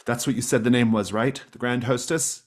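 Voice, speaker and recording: A man's voice: mid-range voice, fairly even intonation, brisk, voice pushed up, natural voice. A man voicing a nervous male priest who repeats himself in a fluster.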